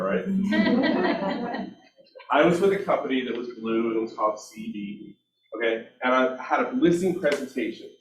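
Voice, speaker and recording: A middle-aged man leading a real estate team meeting, telling stories and acting out conversations. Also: medium pitch. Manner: animated storytelling, acts out dialogue, self-mocking. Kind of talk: team meeting training talk. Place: meeting room. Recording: echoey room, distant mic.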